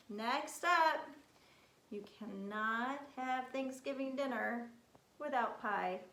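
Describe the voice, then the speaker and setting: A woman's voice: high-pitched, takes it slowly, a bit bright. A woman teaching young children from picture cards, coaxing them with questions. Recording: echoey room.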